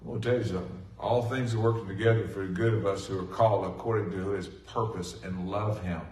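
Folksy preacher, echoey and distant. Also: male voice, sits low, fast talker. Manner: folksy, animated preaching with swings from loud to hushed. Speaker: pastor. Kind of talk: sermon. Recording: echoey room from a distant mic.

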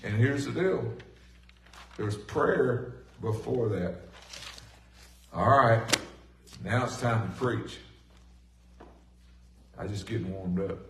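A middle-aged man preaching a sermon in a folksy, animated way, swinging from loud bursts to hushed asides. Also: fairly low pitch, slow pace, pauses often, slight background noise. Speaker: pastor. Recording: echoey room from a distant mic.

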